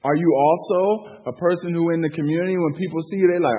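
A man with a husky, slightly raised voice leads a church group study, talking loosely with plenty of "like" and pulling answers from the room. He's recorded in a big echoey hall on a dull, muffled track. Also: a little high, fairly even intonation, fairly quick. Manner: loose, filler-heavy talk, asks the room for answers. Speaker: Bible study teacher. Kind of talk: casual teaching to a group.

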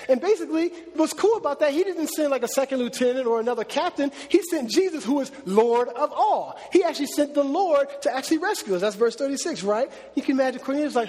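High-voiced preacher in an echoing hall. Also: male voice, quick pace, hardly any pauses. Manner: conversational, animated preaching with slang. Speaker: pastor. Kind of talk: sermon. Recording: long echo of a large hall.

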